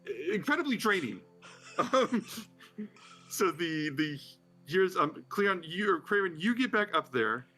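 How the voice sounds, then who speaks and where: Male game master, bright voice, relaxed, chatty narration. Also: sits high, measured pace, soft background music. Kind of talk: narrating a live-streamed tabletop game.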